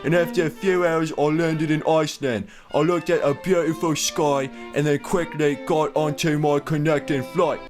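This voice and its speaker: A man doing a hurried young Brit. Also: fairly high pitch, fairly even intonation, over music, voice pushed up, natural voice. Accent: put-on British.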